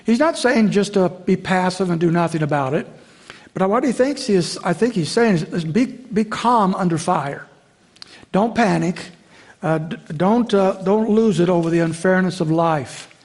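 A man's voice: high-pitched, normal speed, darkish tone. A man preaching a sermon as pastor, earnest and direct, often restarting his phrases and calling the listeners folks. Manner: addresses congregation as folks.

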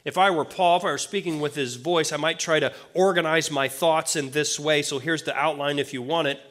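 A man's voice: on the high side, steady tone, brisk, fairly bright tone. Man preaching in a casual, conversational way. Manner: conversational, plain-spoken with casual asides. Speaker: pastor. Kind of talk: sermon.

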